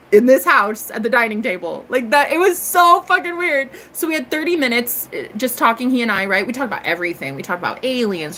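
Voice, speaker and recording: An American woman telling a story in a casual monologue, sassy and cheeky, calling listeners honey and girl, swooping up into high exclamations. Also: pushed and bright, slight background noise. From United States. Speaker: tarot reader and live streamer.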